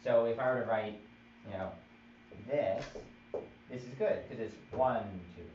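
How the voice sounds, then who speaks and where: A man's voice: on the low side, measured pace, a little mellow. A man teaching a chant theory class, patiently explaining and counting out beats. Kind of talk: live-streamed music theory class. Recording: roomy, distant, dull live stream with noise.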